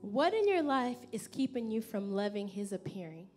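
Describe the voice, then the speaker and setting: A woman pastor giving an expressive, conversational sermon at a church service. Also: medium pitch, normal speed, faint music behind.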